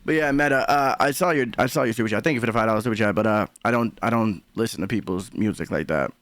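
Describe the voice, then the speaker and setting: Deep-voiced rambling stream host. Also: male voice, fast, fairly bright tone, no room sound. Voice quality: deep, smooth voice. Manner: rambling, repeats himself, swears freely. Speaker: livestream commentary host. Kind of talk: casual live-stream commentary.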